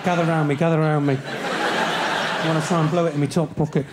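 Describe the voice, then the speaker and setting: A man with a British accent doing live stand-up comedy in a chatty, cheeky way, with quick mumbled asides. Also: fairly high pitch, level tone, heavy background noise. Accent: British English. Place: large theatre stage. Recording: live theatre recording, loud audience laughter. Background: audience laughing.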